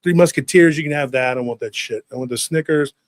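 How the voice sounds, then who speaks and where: A man in his forties casually telling a lively childhood story, acting out family members' voices along the way. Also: on the high side, quick pace, no echo.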